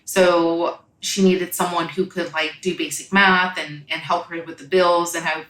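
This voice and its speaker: A young woman telling a personal story in a halting, reflective way, often pausing with "like" and "you know.". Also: lowish voice, little pitch movement, fairly bright tone. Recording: echoey room.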